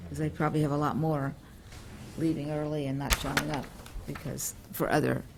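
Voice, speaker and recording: Gravelly man asking questions at a board meeting. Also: a little high, little pitch movement, brisk, background noise. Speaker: board member. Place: school board meeting room.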